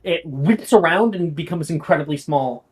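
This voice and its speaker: A man's voice: a little high, lively intonation, normal speed. A man running a tabletop game as game master, casual and rambling, often laughing as he narrates.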